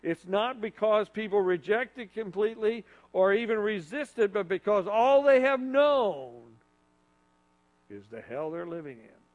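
An earnest preacher with a high voice for a man delivers a sermon. He leads his listeners in repeating lines together and drops to a soft, low voice to make a point. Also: animated, a little slow, poor audio. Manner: leads the congregation in call-and-repeat phrases.

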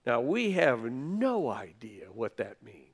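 Slow and husky, this preacher's mid-range voice has a sing-song lilt. He delivers a conversational sermon, reading passages of scripture and then putting them in plain, casual words.

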